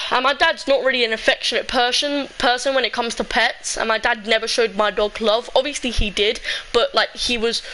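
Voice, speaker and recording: A woman's voice: fairly high pitch, fairly even intonation, normal speed, bright, forceful tone, slight background noise, low-quality recording. A young woman telling a personal story in a casual, emotional, rambling way, full of "like".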